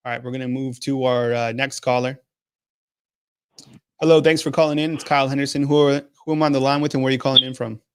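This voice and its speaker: A man's voice: medium pitch, fairly even intonation, fast, a bit bright, smooth. A man hosting a sports call-in show, talking hesitantly with many restarts. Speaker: host.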